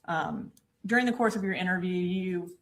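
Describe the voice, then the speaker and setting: A woman prosecutor questioning a witness in a courtroom in a measured, procedural way. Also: fairly low pitch, poor audio.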